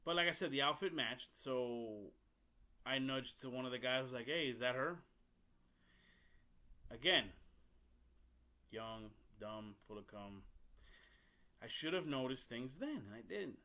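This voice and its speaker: A man's voice: medium pitch, lively intonation, unhurried, pauses often, pushed and bright. A man hosting a podcast, telling a story in a blunt, profane, rambling way with frequent restarts. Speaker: podcast host. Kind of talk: casual storytelling monologue.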